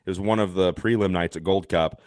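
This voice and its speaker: A man guesting on a podcast, telling an animated, self-deprecating story with lots of fillers and restarts. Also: deep voice, fairly quick, no echo, clean studio sound. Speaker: podcast guest, race announcer.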